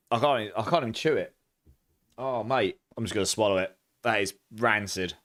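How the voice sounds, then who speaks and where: A man's voice: lowish voice, a little fast, fairly bright tone. A young man chatting casually on a game live stream, thanking viewers and exclaiming often.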